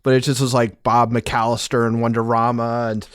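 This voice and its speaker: A man's voice: mid-range voice, level tone, moderate pace, clear, resonant tone, no room sound, studio quality. A man co-hosting a podcast in casual chat, wry and rambling. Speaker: podcast co-host.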